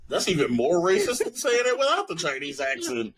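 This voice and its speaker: A young man co-hosting a podcast, chatting casually and telling stories loudly with lots of laughter. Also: on the high side, brisk, slight background noise, rough recording. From New York. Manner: loud animated storytelling, lots of laughing. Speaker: podcast co-host. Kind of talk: casual chat.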